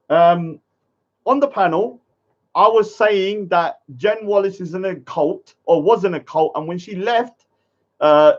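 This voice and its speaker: A man's voice: high-pitched, dull audio. A young man ranting indignantly on a live stream, often checking in with "yeah?". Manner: indignant, repetitive, addresses viewers with "yeah?". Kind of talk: heated live-stream rant.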